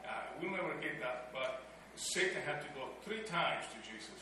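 A man in a Bible study group making a quiet, quick comment. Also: a little high. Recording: echoey room, faint hiss.

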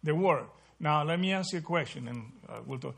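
Husky man leading a Bible study. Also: on the high side, lively intonation, brisk, fairly bright tone. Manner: asks the group questions, repeats "right?" often. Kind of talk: interactive Bible study teaching.

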